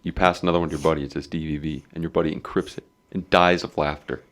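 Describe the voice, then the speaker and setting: Deep-voiced young man, laid-back. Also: fairly even intonation, fast, a bit bright. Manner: laid-back, tells joking stories. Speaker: podcast co-host. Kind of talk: casual chat.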